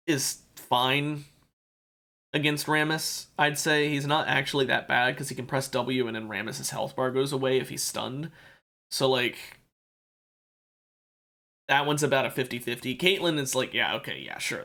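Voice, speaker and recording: A man's voice: mid-range voice, measured pace, creaky, long pauses, bright, forceful tone. A man streaming a video game, rambling and correcting himself in casual commentary while sounding sleepy and yawning.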